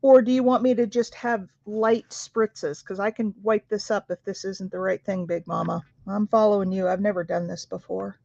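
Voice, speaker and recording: A woman's voice: medium pitch, steady tone, normal speed, gravelly, hardly any pauses, dark tone, no echo. A woman hosting a craft video, chatting casually and asking questions as she works. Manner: chatty, asks questions while working. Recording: dry, dull lo-fi sound.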